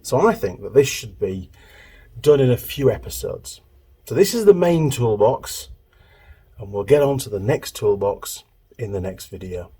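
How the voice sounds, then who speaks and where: A man's voice: fairly low pitch, expressive, unhurried, warm tone, slightly rough. A middle-aged man from the UK, chatting casually as he shows his tools in his home workshop, rambling and correcting himself. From United Kingdom. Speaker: workshop YouTuber, mechanic. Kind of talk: casual tool tour talk.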